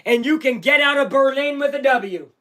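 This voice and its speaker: High, bright-voiced hyped fan commentator. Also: male voice, normal speed. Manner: hyped, talks straight to viewers. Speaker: fan streamer doing live play-by-play. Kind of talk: excited live fan commentary.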